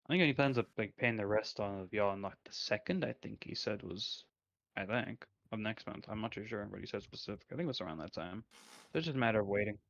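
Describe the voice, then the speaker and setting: A young man co-hosting a podcast in casual chat, rambling and thinking out loud with plenty of fillers. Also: on the low side, fast talker, vocal fry, no echo. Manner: rambling, many fillers, reflective. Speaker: podcast co-host. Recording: dull lo-fi sound.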